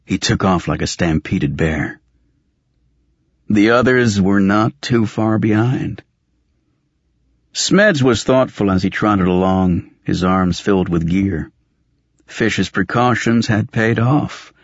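Male audiobook narrator: deep, husky, slow and steady; dry, slightly dull recording. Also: no echo. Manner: steady, measured storytelling. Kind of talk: scripted fiction narration.

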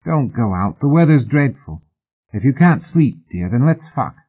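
A man's voice: mid-range voice, big pitch swings, moderate pace, pitched above the performer's own voice. A male reader voicing a tired, tipsy young woman who coaxes and wheedles, in an audiobook. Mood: coaxing. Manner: wheedling, coaxing. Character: drowsy coaxing young woman of the night. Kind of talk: audiobook character voice. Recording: husky voice on a tinny phone-like line.

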